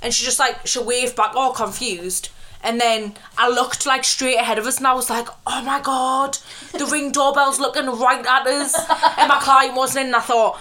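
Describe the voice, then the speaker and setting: A woman's voice: sits high, fairly even intonation, normal speed, sharp tone, a little hiss or hum. A young woman, chatting and telling stories as a podcast co-host, often giggling. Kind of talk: casual chat.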